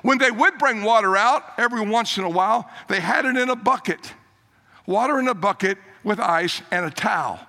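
An older man preaches a sermon as a story. His voice sits high and bright, climbing on emphatic lines and dropping low and soft when he quotes others. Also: normal speed.

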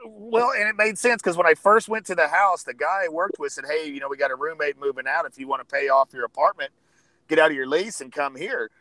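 A laid-back man swaps stories in an easy conversation, his voice a little higher than most men's. The recording is dry, with no room sound. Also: brisk, sharp tone, no echo, poor audio. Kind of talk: casual storytelling chat.

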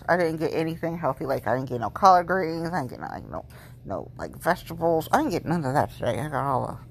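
Low-voiced, rambling tipsy woman. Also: a little hiss or hum. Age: late 30s. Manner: rambling, repeats herself, gushing. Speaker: vlogger. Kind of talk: casual chat.

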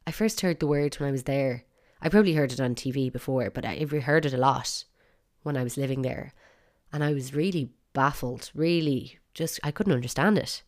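A woman's voice: a bass voice, normal speed, darkish tone. An Irish woman hosting a solo podcast, chatty and opinionated with playful emphasis. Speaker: podcast host.

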